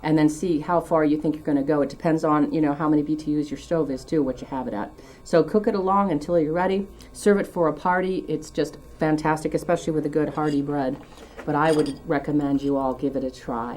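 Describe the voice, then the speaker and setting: Chatty woman host with a low voice. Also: fairly even intonation, brisk, a little mellow. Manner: chatty, enthusiastic, teasing. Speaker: cooking show host. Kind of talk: cooking demonstration.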